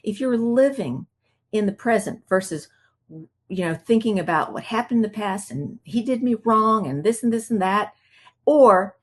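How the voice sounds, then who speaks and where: A woman coach giving a self-help teaching talk in a calm, reflective way, acting out her own inner voice. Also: mid-range voice, moderate pace. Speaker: marriage coach.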